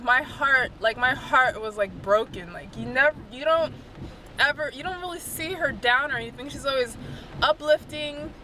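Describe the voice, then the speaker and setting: A young woman chats straight to her handheld camera, rambling through a story with plenty of fillers. Her voice sits a little high. Steady car and rain noise runs clearly underneath. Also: rough recording. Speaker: vlogger. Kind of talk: casual vlog chat. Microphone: handheld compact camera.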